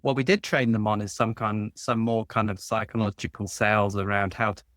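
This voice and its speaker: A man's voice: lowish voice, level tone, fairly quick, a bit bright, no room sound. A man hosting an interview, talking reflectively through his own work experience at length. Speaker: podcast host. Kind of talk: conversational interview.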